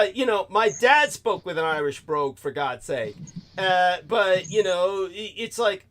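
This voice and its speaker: A man hosting a talk show, rambling through a profane, digressive monologue and laughing at his own remarks. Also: fairly high pitch. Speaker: host.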